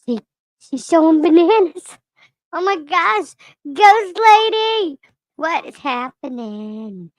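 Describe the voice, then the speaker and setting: A performer voicing an excitable, chatty lemur character who hosts a livestream and gushes over each viewer by name, sounding a little hoarse. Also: very high-pitched, slow pace, no echo, exaggerated voice. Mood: bubbly. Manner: bubbly, gushing, calls out names one by one. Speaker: livestream host.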